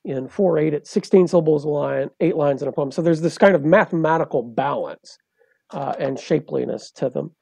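A man's voice: fairly high pitch, a little fast, gravelly, warm tone, dry recording. A man, a poet and translator, explaining things step by step in a professorial way as a guest in an interview. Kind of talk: interview conversation.

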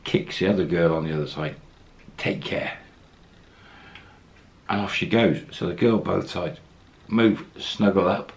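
A man's voice: low-pitched, normal speed, hardly any pauses, a little mellow. A man casually telling a travel story, acting out the quoted lines as he goes. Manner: anecdotal, acts out quoted lines, chuckles.

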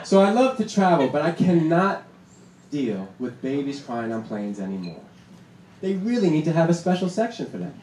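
A young man doing a stand-up set on a comedy club stage, punchy and deadpan, with laughter behind him. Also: a little high, normal speed. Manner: punchy deadpan delivery with acted-out quotes. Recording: roomy club sound with noise. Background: audience laughter.

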